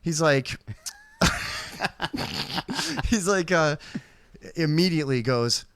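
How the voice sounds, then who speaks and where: A man's voice: medium pitch, animated, a little fast, clear, resonant tone, no room sound, studio quality. A man co-hosting a podcast, telling rambling neighborhood stories in casual chat. He swears freely and acts out the people in his stories. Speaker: podcast co-host.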